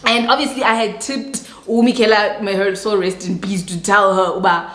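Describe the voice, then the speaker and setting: Animated South African woman, echoey room. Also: medium pitch, normal speed, slight background noise. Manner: animated storyteller, acts out quoted voices and mixes in local words. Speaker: YouTuber telling a story. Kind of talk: storytime vlog.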